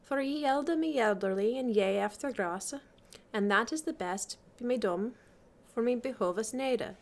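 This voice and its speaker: A woman's voice: a little high, normal speed, lightly acted. A woman reading the part of a courteous young male knight, politely deflecting, in an earnest, formal recitation of old verse.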